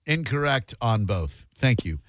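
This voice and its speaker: A man hosting a live radio call-in show, speaking into a studio microphone with a dry, close sound. He teases callers with mock-formal, joking remarks as he runs a movie-clip quiz, keeping his pitch in the middle range. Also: sing-song, measured pace, a bit bright, dry recording. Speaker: radio host. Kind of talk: casual radio chat, quiz game.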